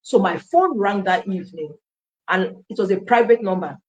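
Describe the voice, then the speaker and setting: A Nigerian woman telling her life story as an interview guest, an animated storyteller who acts out quoted dialogue and slips into Pidgin. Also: medium pitch, moderate pace, dull audio. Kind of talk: personal testimony in an interview.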